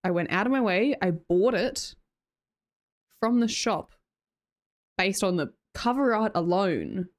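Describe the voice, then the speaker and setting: A woman's voice: medium pitch, lively intonation, takes it slowly, pauses often. Australian woman, live-stream host, sing-song up-and-down delivery, chatty and giggly, desk mic at home. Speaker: livestreamer. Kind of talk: casual chat with live viewers.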